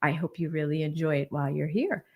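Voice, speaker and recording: A woman's voice: low-pitched, quick pace, highs cut off. A woman hosting a casual livestream, laughing often and reading viewer comments aloud. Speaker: livestream host. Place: Atlanta.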